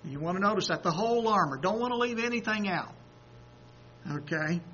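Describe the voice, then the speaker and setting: A man preaching a sermon who swings from quiet, low asides to loud, excited exhortation, acting out quoted voices and chuckling between points. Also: brisk. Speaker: pastor. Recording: dull lo-fi recording.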